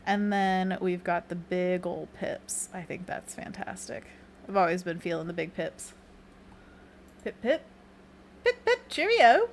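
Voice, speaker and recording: A woman's voice: fairly low pitch, steady tone, a little slow, slight background noise. A woman hosting an art livestream, chatting casually and giggling while she draws and answers her chat. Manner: bubbly, giggly, chatty, reads chat aloud. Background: faint background music.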